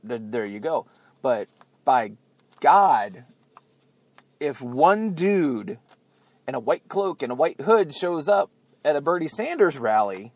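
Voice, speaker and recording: A man hosts his own podcast outdoors near beeping buses, launching into a rambling political rant that's chatty, sarcastic, and punctuated by laughter at his own jokes. His medium-pitched voice has a darkish tone, with no room sound.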